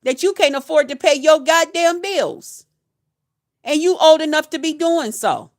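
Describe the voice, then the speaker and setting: Blunt profane woman in her fifties, high voice. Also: animated, unhurried. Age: 50s. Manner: blunt, profane, chanting repeated phrases. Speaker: retired nurse, YouTuber. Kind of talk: profane ranting vlog.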